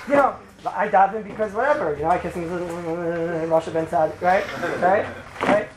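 Man, religious speaker, animated rambling story, frequent asides, noisy recording. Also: sits high, moderate pace. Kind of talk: informal storytelling talk. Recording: noisy background hiss.

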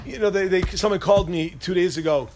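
A man's voice: sits high, quick pace, darkish tone, a little hiss or hum. A man giving an informal Torah talk to a group, rambling, interrupting himself and cracking jokes. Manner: rambling, self-interrupting, joking. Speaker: Torah teacher speaking to a group.

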